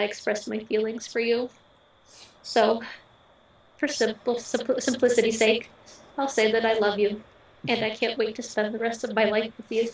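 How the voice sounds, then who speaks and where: Young bride reading vows in an echoey hall. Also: female voice, a little high. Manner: heartfelt, earnest, pausing in short phrases. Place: wedding ceremony venue. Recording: echoey, picked up from a distance.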